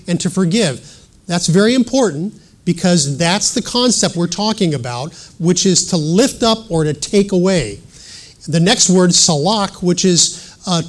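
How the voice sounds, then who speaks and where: A middle-aged man with a slightly high voice preaches a sermon in an earnest teaching manner. He reads scripture aloud and adds self-deprecating asides.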